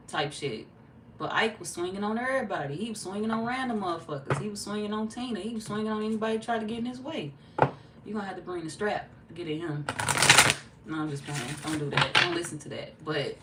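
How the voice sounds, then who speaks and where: A woman, streaming a tarot reading and chatting casually, telling animated stories and cussing freely. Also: low-pitched, recorded from a distance. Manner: animated storyteller, cussing freely, acting out quotes. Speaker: tarot reader streaming live. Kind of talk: casual livestream chat. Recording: echoey room, off-mic, faint hum.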